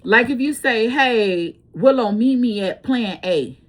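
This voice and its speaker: Woman, fairly high voice, blunt casual storytelling, swears freely. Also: slow pace. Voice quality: blunt, profane, animated storytelling. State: breathing hard. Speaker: tarot reader.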